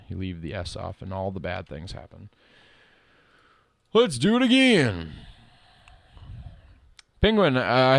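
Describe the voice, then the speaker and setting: A man's voice: mid-range voice, smooth, no room sound. Man, middle-aged, casual live-coding talk, mutters code aloud, dry close sound. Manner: mutters through code, reading lines aloud.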